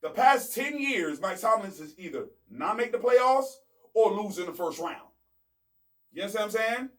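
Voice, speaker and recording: A man with a high voice rants about football, getting louder and more emphatic as he builds his case. He sits a bit back from the mic, so his voice sounds slightly distant. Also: expressive, normal speed. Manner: emphatic, rising to near shouts, repeats "you know what I'm saying". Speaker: sports show host. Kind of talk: heated sports debate.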